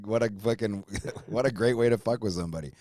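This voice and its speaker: A man hosting a podcast, reacting to his guest with quick interjections and laughter. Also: on the low side, mellow. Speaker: podcast host. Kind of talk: casual interview chat.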